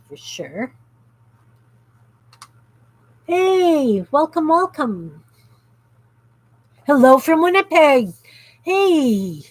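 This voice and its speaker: Chatty woman, slow and husky. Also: mid-range voice, poor audio. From Canada. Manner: chatty, reads out viewer comments while working. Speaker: craft livestream host. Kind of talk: casual craft livestream chat.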